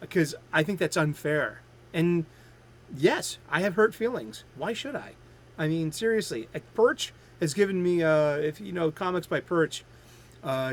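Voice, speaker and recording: A man's voice: fairly high pitch, fairly bright tone. A man in his fifties hosting a casual comic book review stream, chatty and rambling, with frequent restarts. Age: 50s. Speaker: host.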